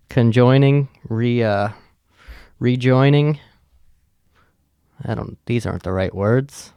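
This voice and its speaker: A man's voice: medium pitch, vocal fry, darkish tone, no room sound, studio quality. A man hosting a podcast, telling a rambling, sarcastic story full of swearing. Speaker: podcast host. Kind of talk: casual storytelling.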